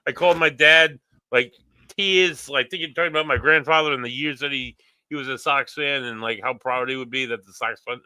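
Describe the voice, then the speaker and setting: A man's voice: medium pitch, pushed and bright, no room sound. A man co-hosting a casual live-streamed chat, telling rambling stories full of quoted voices. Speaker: podcast co-host.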